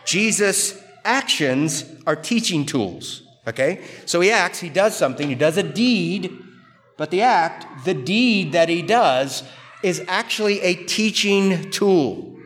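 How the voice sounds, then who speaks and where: Pastor, American man, raised voice, unhurried and deliberate, long reverb of a large sanctuary. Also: sits high, lively intonation, fairly bright tone. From United States. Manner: slow, emphatic, repeats words for stress. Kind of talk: expository sermon.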